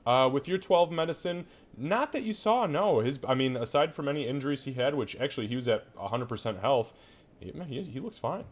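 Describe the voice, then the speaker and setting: A man's voice: medium pitch, animated, fairly quick, a little hiss or hum. A man narrating a tabletop game as game master, describing scenes with frequent fillers and hesitations.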